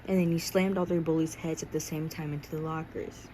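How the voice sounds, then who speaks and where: A woman's voice: deep voice, flat delivery, a little fast, warm tone, a little hiss or hum, rough recording. A young woman casually reading her own second-person fan story aloud, stumbling and restarting now and then. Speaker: amateur reader.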